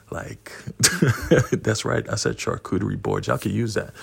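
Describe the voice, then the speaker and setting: A man's voice: fairly low pitch, unhurried. A man in his forties telling a profane, rowdy personal story and laughing at his own punchlines. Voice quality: gravelly, husky voice.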